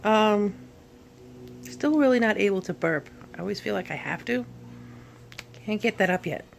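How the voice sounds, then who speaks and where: A woman vlogging at home while recovering from surgery, tired and in pain, talking in a halting, rambling way full of fillers and restarts. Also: mid-range voice, animated, creaky, a little hiss or hum. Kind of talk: casual recovery vlog. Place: at home, sitting in bed.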